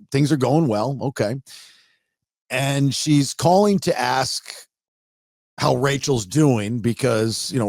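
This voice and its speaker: A man's voice: medium pitch, a little mellow, dry recording, clean studio sound. A middle-aged man hosting a podcast, telling a story with animation and acting out both sides of a conversation. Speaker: podcast host.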